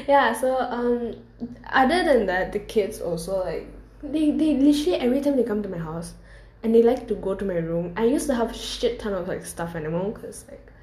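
A woman's voice: fairly high pitch, expressive, moderate pace. Young woman chatting loosely, swears a lot, laughs at her own stories, roomy echo. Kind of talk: casual storytelling chat. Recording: echoey room.

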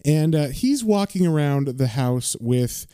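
A man's voice: fairly high pitch, expressive, measured pace, warm tone, smooth, dry recording, studio quality. A man casually recapping and reading a comic book issue as a podcast host. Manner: casual, with fillers and laughs.

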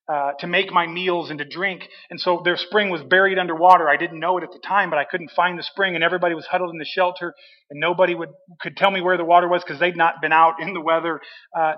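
Preacher guy telling his story from the pulpit, high voice, big dull echoey church sound. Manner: storytelling with dramatic pauses and emphasis. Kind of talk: sermon testimony. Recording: dull reverberant hall.

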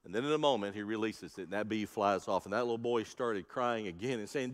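A man's voice: mid-range voice, a little fast, big-room sound. A male pastor preaching an Easter sermon, with rising and falling emphasis and calls out to the congregation. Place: church sanctuary.

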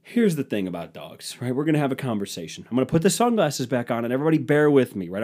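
A man's voice: medium pitch, sing-song, quick pace, darkish tone. A man hosting his own podcast, telling stories in a profane, sarcastic rant. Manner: profane, sarcastic, ranting storyteller. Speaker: podcast host.

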